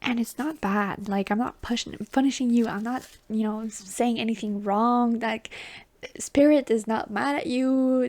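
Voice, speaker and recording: A woman giving a tarot reading, talking softly and reassuringly, often dropping into a whisper and calling the listener baby or honey. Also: on the high side, normal speed. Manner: chatty and affectionate, calls the listener baby and honey. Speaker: tarot reader. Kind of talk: intuitive tarot reading to viewers.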